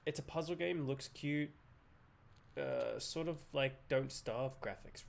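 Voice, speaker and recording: Brief: playful Australian male streamer, slow lively delivery, slightly high voice. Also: gravelly, a little hiss or hum. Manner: giggly, playful, jokey. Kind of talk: live game commentary.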